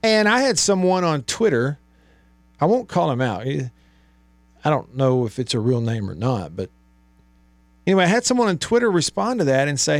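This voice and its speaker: Animated sports radio host. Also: male voice, a little high, moderate pace, long pauses, no echo. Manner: animated, exasperated, rhetorical, rising to near shouts. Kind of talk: sports talk radio monologue. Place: radio studio. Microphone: studio microphone.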